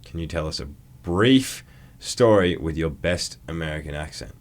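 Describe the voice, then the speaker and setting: Deep-voiced young Australian man. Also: animated. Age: young adult. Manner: easygoing, self-deprecating, quick laughs. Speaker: podcast co-host, college football player. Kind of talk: casual chat.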